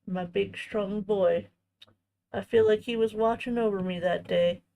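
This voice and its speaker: A woman hosting a crafting channel, chatting casually in a tender, reflective way, often halting and restarting her sentences. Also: medium pitch, fairly even intonation, vocal fry, warm tone, poor audio. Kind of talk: casual chat while crafting.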